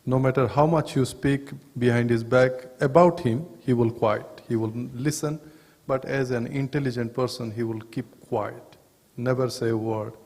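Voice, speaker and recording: A man hosting a memorial gathering, earnestly praising the last speaker and calling up the next one, with pauses and fillers. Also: mid-range voice, steady tone, darkish tone, big-room sound. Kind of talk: introducing speakers. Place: temple hall with long reverb.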